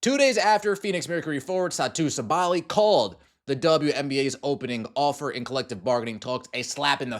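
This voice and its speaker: High-voiced mocking male podcast host. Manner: mocking, acts out sarcastic voices. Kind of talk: opinionated sports commentary.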